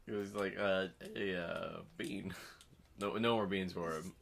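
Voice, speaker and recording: A teenage boy co-hosting a casual comedy podcast, telling stories in an animated way. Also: low-pitched, measured pace, gravelly, slight background noise. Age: teens. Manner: animated storytelling. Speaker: podcast co-host. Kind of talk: casual chat.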